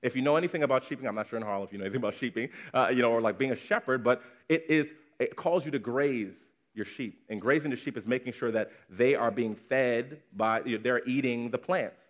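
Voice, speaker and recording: A man's voice: medium pitch, quick pace, few pauses. Conversational male pastor preaching. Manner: conversational, repeats words for emphasis. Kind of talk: sermon. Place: church congregation.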